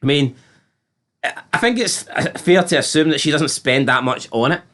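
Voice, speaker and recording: This podcast co-host, fairly high-pitched and moving at a moderate pace, chats about a TV episode. His retelling is rambling and lively, full of disbelief and quoted lines in different voices.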